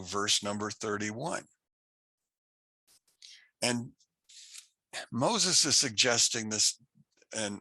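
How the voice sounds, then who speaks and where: A man teaching an unscripted Bible class, telling a story slowly and haltingly with many restarts. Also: fairly low pitch, sharp tone, dry recording. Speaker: Torah teacher.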